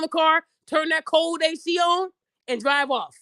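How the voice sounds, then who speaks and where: Podcast host, young woman, AAVE, high voice, blunt and lecturing, dry close sound. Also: normal speed, sharp tone, no echo. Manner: blunt, preachy, addresses listeners directly, acts out quoted voices. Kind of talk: opinionated podcast monologue.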